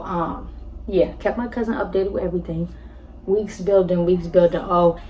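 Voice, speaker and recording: A young woman telling a personal story to her viewers in a casual, animated way, talking to them directly and acting out what others said. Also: poor audio. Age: young adult. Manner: animated, acts out quotes with jumps in pitch; addresses viewers directly as y'all. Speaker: storytime vlogger.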